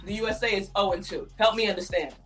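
A woman's voice: medium pitch, fast, a bit bright, soft background music, poor audio. A woman from Nigeria co-hosting a casual podcast chat, teasing and boastful. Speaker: podcast co-host.

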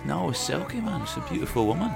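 A man's voice: on the high side, very animated, fast, vocal fry, pitched above the performer's own voice, full character voice. A man doing a sweary lovesick young Scot. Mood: frantic. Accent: put-on Scottish. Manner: sweary, desperate, calling every listener man. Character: lonely heartbroken young man in love with a seal. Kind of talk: homemade comedy sketch trailer. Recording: music playing under the voice.

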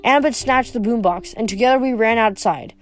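A woman's voice: on the high side, brisk, soft background music. Woman reading a novel aloud. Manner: plain reading with small slips and restarts. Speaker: reader.

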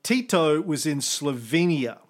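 A man's voice: fairly high pitch, big pitch swings, measured pace. A man co-hosting a casual history podcast, telling stories in a loose, joking way. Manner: jokey storyteller, slips into silly voices. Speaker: podcast co-host.

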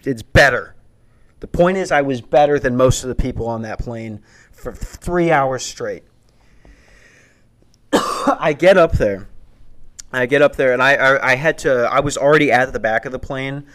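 A man in his twenties telling a rambling, profane stand-up story that builds into a worked-up rant. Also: mid-range voice. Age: 20s. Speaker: stand-up comedian.

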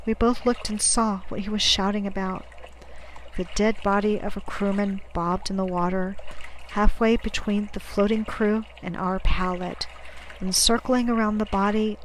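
A woman narrates an audiobook in the first person, her voice sitting in a plain middle register. Her delivery is measured and dramatic, and it sinks to a near-whisper when the tension builds, over faint background noise. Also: medium pitch, low-quality recording. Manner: measured, dramatic, dropping to a hush at tense moments.

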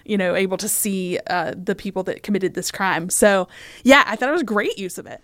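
A woman explains her view of a film in a thoughtful, steady way. The recording is dry and close. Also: mid-range voice, a little fast, no room sound. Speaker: podcast co-host. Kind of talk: casual film discussion.

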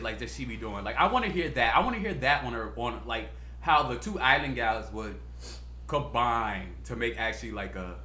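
A man chatting as podcast co-host, animated and slangy with a steady stream of "like." His voice is bright and a little sharp. The room gives it a roomy echo. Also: medium pitch, slight background noise. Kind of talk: casual chat.

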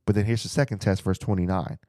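A preacher teaches the Bible to listeners at home, speaking earnestly and repeating phrases for emphasis. His low, steady, mellow voice moves fast, recorded cleanly in a studio with no room sound.

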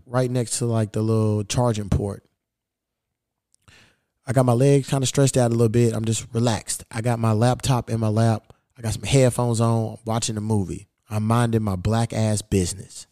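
A man's voice: lowish voice, warm tone, dry recording, studio quality. A man hosting a podcast, telling a rambling, profane story in casual chat and getting heated when he retells his side. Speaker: podcast host.

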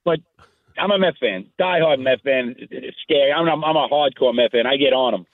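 Excited male caller on a phone line. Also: medium pitch, normal speed, creaky, no room sound. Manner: enthusiastic, casual, repetitive. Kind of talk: call-in chat.

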